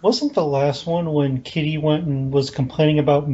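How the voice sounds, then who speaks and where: A man hosting a podcast, firing off brisk questions in a casual chat. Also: fairly high pitch, fairly even intonation, dark tone, dull audio, a little hiss or hum. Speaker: podcast host.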